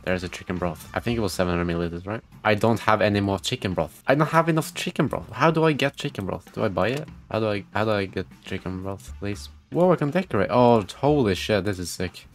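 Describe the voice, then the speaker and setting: Low-voiced man swearing through gameplay. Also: quick pace, few pauses. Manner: excitable, swears often, reads game text aloud. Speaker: gaming video creator. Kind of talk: gameplay commentary.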